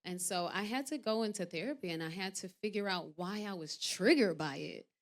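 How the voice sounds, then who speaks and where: Speaking a little fast, this thirtysomething woman is an actress visiting a talk show to share frank, chatty anecdotes. She performs the voices she quotes with dramatic swings in pitch and loudness, then lowers to a quiet, deep tone for serious moments.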